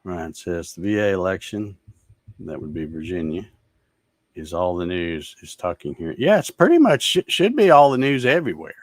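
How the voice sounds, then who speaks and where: A man's voice: low voice, very animated, normal speed, dry recording, studio quality. A man hosting a casual livestream, ranting in a fed-up, sarcastic way and laughing at viewer comments. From Georgia, USA. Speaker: show host reading viewer comments.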